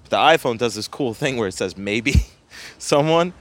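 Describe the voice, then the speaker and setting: A man's voice: medium pitch, animated, moderate pace. A young man, a pizzeria owner telling a story in casual chat, profane and often laughing.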